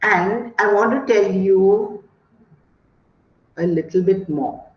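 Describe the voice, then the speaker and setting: A woman lectures teachers in an expressive, drawn-out way. Her delivery is slow and deliberate. The call audio is roomy and a little muffled. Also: medium pitch. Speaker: guest speaker on education.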